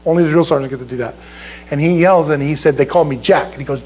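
A man in his sixties, a pastor telling a story in a sermon, animated and emphatic, rising sharply when he stresses a point. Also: fairly high pitch, quick pace.

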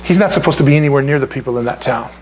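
A man preaching a sermon as a pastor, telling a story with feeling and dropping into high mocking voices for the people he quotes. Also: rapid-fire, darkish tone, slight background noise.

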